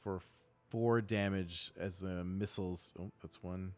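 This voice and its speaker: A man narrating as dungeon master in a live tabletop game, painting scenes vividly and breaking off for quick rules asides. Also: deep voice, steady tone, darkish tone, soft background music.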